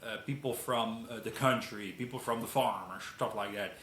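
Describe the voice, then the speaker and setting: Casting: a Dutch-accented man, emphatic, repeats himself, bright tone, echoey room. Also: mid-range voice, fairly even intonation, normal speed, hardly any pauses. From Netherlands. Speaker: video commentator. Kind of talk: casual commentary.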